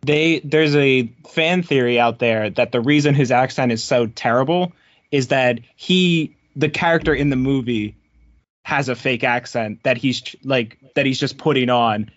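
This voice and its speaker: Man, co-host: mid-pitched, measured, hesitant explainer, dry dull recording. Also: dry recording. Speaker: podcast co-host. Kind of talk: casual film-discussion chat.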